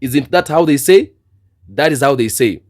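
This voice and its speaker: A man's voice: medium pitch, animated, normal speed, darkish tone. A man giving impassioned commentary on the state of his continent, repeating himself and building to fervent, preachy outbursts. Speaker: political commentator.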